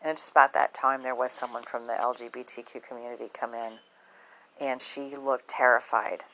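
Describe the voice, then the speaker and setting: A woman's voice: a bass voice, flat delivery, moderate pace, a bit bright, poor audio. A woman talking bluntly and casually to her viewers, swearing freely. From southern United States. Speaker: vlogger. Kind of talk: casual monologue to camera.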